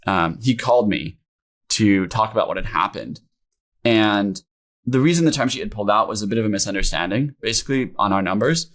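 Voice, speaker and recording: Candid young founder, low voice, lots of "like". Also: male voice, fairly quick, a bit bright. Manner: informal, many fillers like "like" and "um", emotional retelling. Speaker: founder guest. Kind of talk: candid podcast interview storytelling.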